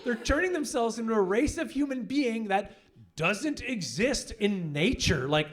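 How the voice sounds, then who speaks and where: A young man doing a stand-up comedy set on a club stage, brash and profane, telling animated stories into a handheld mic. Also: very high-pitched, measured pace. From Canada.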